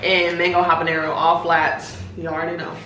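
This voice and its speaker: A woman's voice: lowish voice, flat delivery, brisk. A woman in her twenties chatting casually and playfully as a vlogger, laughing often. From United States. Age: 20s. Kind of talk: casual vlog chat. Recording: roomy with clear background noise.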